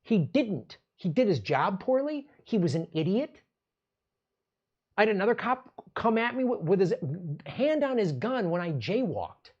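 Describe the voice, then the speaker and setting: A man's voice: high-pitched, very animated, unhurried, a little mellow, muffled recording. A man hosting a political commentary show, ranting in an angry, sarcastic and profane way.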